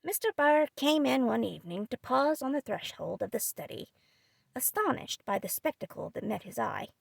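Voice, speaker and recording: Woman audiobook narrator, high lively voice with creak, dry close mic. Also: normal speed, dry recording. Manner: expressive storytelling. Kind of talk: scripted narration of a classic novel.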